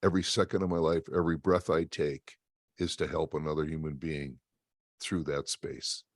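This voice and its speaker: A man telling stories in an interview, emphatic and animated, laughing often. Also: a bass voice, moderate pace, dry recording, clean studio sound. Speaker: interview guest and motivational speaker. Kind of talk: storytelling in an interview.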